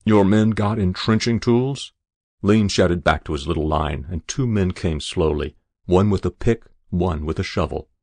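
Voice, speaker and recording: A man narrating a short story in a slow, measured reading. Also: low voice, a little mellow, breathy edge, no echo.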